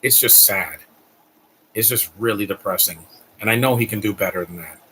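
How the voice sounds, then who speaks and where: A man's voice: fairly low pitch, moderate pace, bright, forceful tone, a little hiss or hum, low-quality recording. A man hosting a live stream, giving a blunt, ranting movie reaction commentary with frequent restarts.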